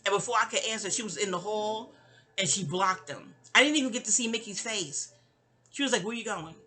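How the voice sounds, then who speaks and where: A woman's voice: mid-range voice, lively intonation, brisk, bright, forceful tone, husky. A young woman casually telling a personal story, chatty and digressive, often trailing off into asides. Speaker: audio diarist.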